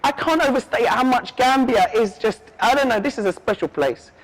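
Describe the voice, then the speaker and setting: A woman's voice: a little high, lively intonation, normal speed, poor audio. A woman from England giving heartfelt, emphatic interview answers and often checking in with "yeah?". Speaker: interview guest.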